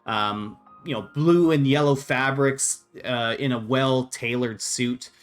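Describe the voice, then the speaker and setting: A man's voice: medium pitch, takes it slowly, faint music behind. A man narrating a tabletop game as game master in a loose, chuckling way with many fillers.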